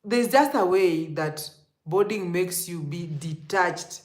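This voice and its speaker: A young Kenyan woman with a Kenyan accent telling stories to camera in an animated way, laughing and dropping to hushed asides. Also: lowish voice, takes it slowly. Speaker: vlogger. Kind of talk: casual storytelling to camera. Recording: echoey room.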